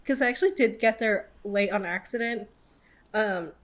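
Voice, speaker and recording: A woman in her twenties hosting a podcast, telling a story casually with lots of "like" fillers and animated quoting of people. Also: medium pitch, normal speed. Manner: chatty, filler-heavy with many "like"s. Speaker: podcast host.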